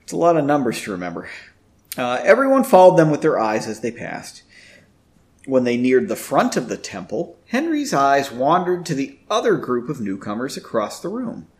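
A man's voice: mid-range voice, huge pitch swings, normal speed. Man reading a story with wry asides. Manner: wry, self-interrupting commentary. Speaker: reader.

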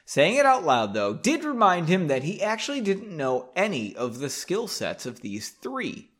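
Male podcast host reading his own novel casually; self-mocking, profane asides; animated and a touch high. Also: moderate pace. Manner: joking, self-deprecating, swears often. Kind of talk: casual book reading with tangents. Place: home basement.

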